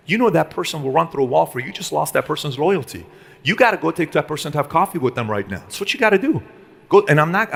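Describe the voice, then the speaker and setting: A man's voice: a little high, fairly bright tone, husky, long reverb tail. A man giving a live motivational speech to a room, punchy and full of rhetorical questions. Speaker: motivational speaker.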